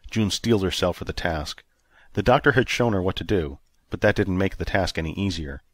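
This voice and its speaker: A man narrating an audiobook in a steady, even storytelling manner. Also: sits low, a little fast, no room sound. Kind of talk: scripted narration.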